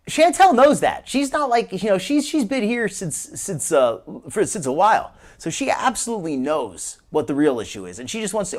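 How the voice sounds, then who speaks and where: A man's voice: sits high, very animated, a little fast. A man hosting a live stream, chatting casually and rambling with frequent restarts and chuckles.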